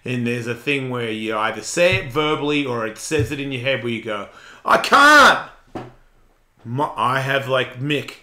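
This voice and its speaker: A man's voice: mid-range voice, normal speed, few pauses. Blunt man in his forties. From Australia. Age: 40s. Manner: blunt and profane, animated, acts out voices. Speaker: radio show host. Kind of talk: casual chat.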